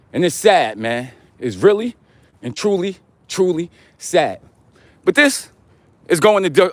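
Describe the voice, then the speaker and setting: High-voiced New man chatting. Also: dry recording. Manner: slangy, repetitive, talks straight to viewers. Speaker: livestream host. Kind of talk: casual chat to a live chat.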